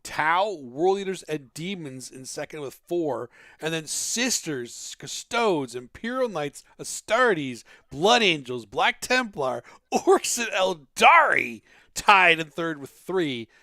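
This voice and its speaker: A man with a fairly high, bright voice co-hosts a gaming talk show. His pitch jumps around as he reacts quickly and laughs easily. The recording is dry and close. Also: very animated, no echo. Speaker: co-host. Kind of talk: casual banter on a gaming show.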